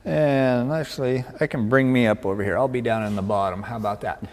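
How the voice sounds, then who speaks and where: A man's voice: mid-range voice, brisk, big-room sound. A man co-hosting a livestream in casual chat, upbeat, reading out viewer comments and joking. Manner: upbeat, reads out comments and jokes.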